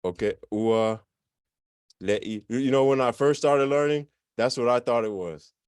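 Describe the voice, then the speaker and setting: A man teaching a beginner language class in a relaxed, chatty way, often correcting himself as he explains. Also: medium pitch, measured pace, smooth, no room sound, clean studio sound. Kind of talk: informal online class.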